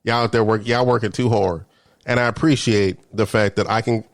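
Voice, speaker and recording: A man's voice: lowish voice, brisk, no room sound, studio quality. Man ranting comedically. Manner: animated, with hushed whispered asides. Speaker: vlogger. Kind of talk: comedic rant to camera.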